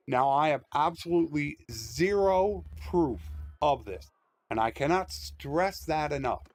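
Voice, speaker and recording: A man streaming a strategy game, explaining tactics and ranting with strong opinions in loose, rambling commentary. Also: a little high. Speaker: gaming streamer. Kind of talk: casual live-stream commentary. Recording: dry close mic with faint music.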